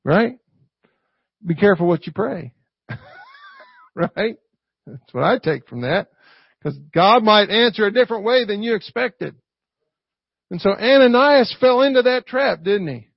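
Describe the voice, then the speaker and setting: A man's voice: sits high, lively intonation, measured pace, vocal fry, pauses often, slightly rough, no room sound, dull audio. A man preaching a conversational sermon in a folksy way, often checking in with a rhetorical "right?". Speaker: pastor.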